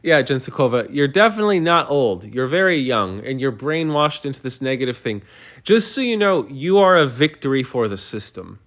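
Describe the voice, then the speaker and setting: A man's voice: medium pitch, big pitch swings, moderate pace, fairly bright tone. A man hosting a livestream, answering viewer comments in a heated, argumentative way with many stumbling restarts. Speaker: livestream host.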